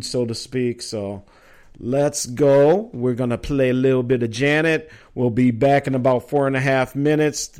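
A man's voice: mid-range voice, a little mellow. Middle-aged minnesota guy hosting a sports talk show, rambling, lots of uhs and ums. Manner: chatty, rambling, with frequent fillers.

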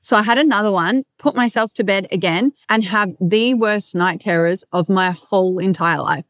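Brief: Australian woman, podcast host, loud and brash, heavy swearing, lively storyteller, close dry sound. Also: medium pitch, normal speed, no echo. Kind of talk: casual solo podcast monologue.

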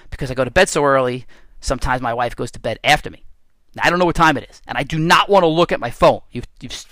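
A man hosting his own fitness podcast, telling stories in a casual, animated way and laughing at himself now and then. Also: mid-range voice, no echo. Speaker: podcast host and strength coach. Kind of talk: casual solo podcast monologue.

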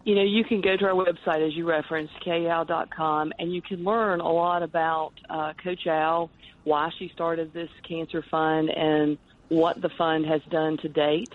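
A woman's voice: sits low, little pitch movement, moderate pace, slight background noise. A woman guest, a charity director, talking earnestly in a podcast interview, rambling with frequent restarts. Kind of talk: podcast interview over the phone. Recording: tinny phone line.

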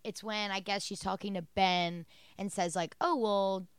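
A young woman in casual podcast chat, animated, often swearing and acting out quoted lines. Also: mid-range voice, a little slow, clean tone, dry recording. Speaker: podcast co-host.

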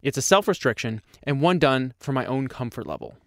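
A man co-hosting a podcast, introducing segments in a measured way. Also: mid-range voice, lively intonation, dry recording, clean studio sound. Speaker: co-host. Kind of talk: casual podcast chat.

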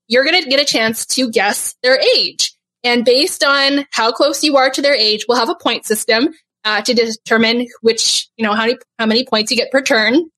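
A woman hosting a podcast game, explaining the rules with many fillers and an unhurried delivery. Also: a little high, bright, forceful tone, poor audio. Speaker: game host.

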